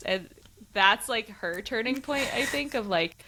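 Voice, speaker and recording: Woman co-host, crisp bright tone, playful teasing chat. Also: a little high, animated, measured pace, a little hiss or hum. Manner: playful and teasing, laughs often. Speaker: podcast co-host. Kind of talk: casual book-discussion chat.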